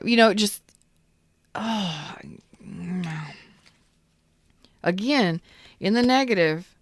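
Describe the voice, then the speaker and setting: A woman's voice: medium pitch, expressive, drawn-out words, pauses often, no room sound, studio quality. A woman giving a live tarot reading in a chatty, blunt way, greeting viewers as she goes. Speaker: tarot reader.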